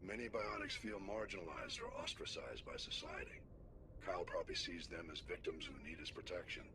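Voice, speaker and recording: An actor playing a stern veteran male admiral giving a measured, gruff military briefing in a video game. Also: sits low, a crowd in the background. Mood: grave. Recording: game audio with noisy background.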